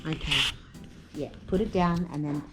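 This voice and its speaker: A woman's voice: deep voice, fairly even intonation, moderate pace, low-quality recording. A young woman and mother filming a casual family vlog in a park, coaxing her toddler in a sing-song voice. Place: outdoors in a park. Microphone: handheld phone camera. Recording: background music over the voice.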